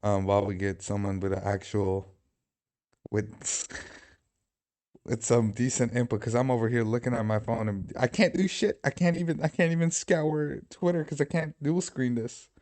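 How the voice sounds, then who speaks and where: A man's voice: mid-range voice, normal speed, a little mellow. Rambling casual livestream host, man. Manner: rambling, distracted, swearing.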